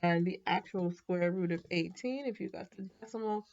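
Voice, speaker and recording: Relaxed woman teaching math, lo-fi sound. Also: on the low side, normal speed. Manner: relaxed, thinking aloud with frequent ums and self-corrections. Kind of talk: casual whiteboard lesson.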